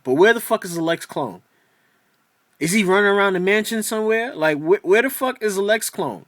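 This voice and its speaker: Man, high voice, wildly swinging pitch, exasperated profane rant, casual video review, dry close sound. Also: animated, brisk, no room sound. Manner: exasperated, profane, rambling with many restarts. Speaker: TV episode reviewer.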